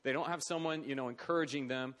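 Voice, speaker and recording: Speaking quickly in a steady, medium-pitched voice with a fairly bright tone, a middle-aged man shares a personal story at a charity event. His delivery is earnest and conversational, and he performs the quoted voices.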